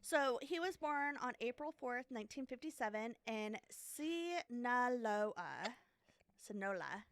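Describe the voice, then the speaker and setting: A woman's voice: a little high, unhurried, clear, resonant tone, no echo. A woman co-hosting a podcast, casually telling a true crime story with lots of fillers and self-deprecating asides. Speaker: podcast co-host.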